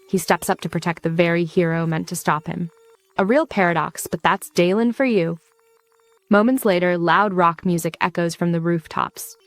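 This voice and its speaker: A woman narrating a scripted comic recap in a quick, wry storytelling manner. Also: on the low side, no room sound.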